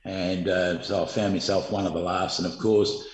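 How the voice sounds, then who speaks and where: A middle-aged Australian man, a former footballer, telling stories in a rambling, halting way full of fillers and restarts. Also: low-pitched, little pitch movement, reverberant, poor audio. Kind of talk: casual storytelling interview.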